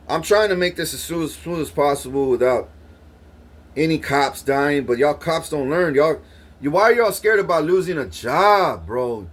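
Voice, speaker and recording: A man in a rambling, profane monologue, swearing and issuing threats, his voice jumping up in pitch when heated.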